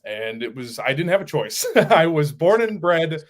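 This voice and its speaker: Man, Wisconsin accent, producer, friendly, laughs easily, slightly high voice. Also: very animated, normal speed. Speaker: show producer. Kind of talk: casual chat.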